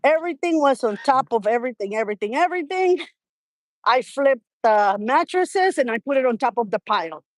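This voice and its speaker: Woman guest, high voice, dry close sound, animated storytelling, middle-aged. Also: brisk, no room sound. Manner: lively, laughs often, acts out family quotes. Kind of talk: conversational storytelling.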